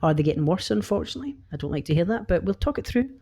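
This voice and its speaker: A man's voice: high-pitched, lively intonation, very fast, gravelly, darkish tone. A man with a Scottish accent hosting a casual podcast, joking around, swearing and laughing often. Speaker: podcast host.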